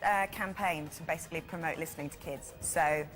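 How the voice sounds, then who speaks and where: Chatty English actress on a TV sofa. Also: female voice, low-pitched, a little fast, fairly bright tone, faint music behind, low-quality recording. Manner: friendly, chatty, easygoing. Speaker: TV actress guest. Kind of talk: casual studio interview.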